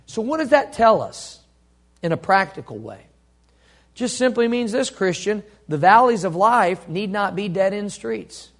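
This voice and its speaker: A high-pitched man preaching from the pulpit. He calls on the congregation to repeat lines back to him, and he swings from ringing emphasis down to slow, hushed delivery. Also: very animated. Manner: call-and-response preaching, dynamic swings from loud to hushed. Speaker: pastor. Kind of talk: sermon.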